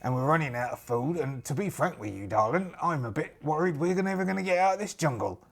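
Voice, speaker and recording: A man's voice: on the high side, lively intonation, fast talker, vocal fry. A man voicing a brash, roguish male pirate captain, cheeky and blustering, calling others darling.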